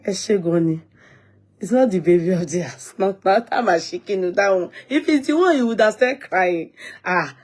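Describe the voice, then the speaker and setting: A woman's voice: mid-range voice, lively intonation, normal speed, darkish tone. A young Nigerian woman with a Nigerian accent telling casual stories in a vlog, often laughing and mixing English with Yoruba. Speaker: vlogger. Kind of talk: casual storytelling.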